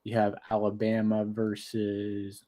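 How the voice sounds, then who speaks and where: A man's voice: lowish voice, monotone, takes it slowly, dark tone. A man co-hosting a casual sports podcast, joking around and rambling with fillers. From United States.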